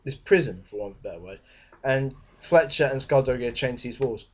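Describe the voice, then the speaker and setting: A man's voice: medium pitch, lively intonation, fast. A young man giving a rambling, casual spoken book review. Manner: rambling, with many fillers and restarts.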